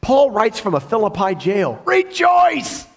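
Male preacher, bright higher voice that swoops a lot, chatty and storytelling from the pulpit. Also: moderate pace. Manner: animated, conversational storytelling with laughs. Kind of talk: sermon.

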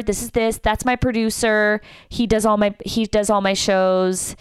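A young Canadian woman, a comedian, tells a story casually on a podcast in an unhurried, smooth, mid-range voice. She's animated and acts out what people said, with studio-quality sound and no echo.

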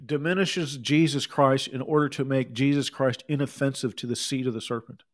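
A middle-aged man preaching a sermon, reading scripture and breaking off into conversational asides and quick acted quotes. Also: mid-range voice, steady tone. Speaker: pastor.

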